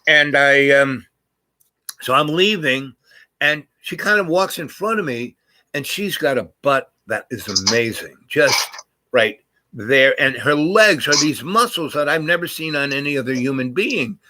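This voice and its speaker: A man's voice: medium pitch, expressive, unhurried, sharp tone, poor audio. An older man telling a long anecdote in casual chat, meandering and restarting his sentences as he goes. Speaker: storyteller in a conversation.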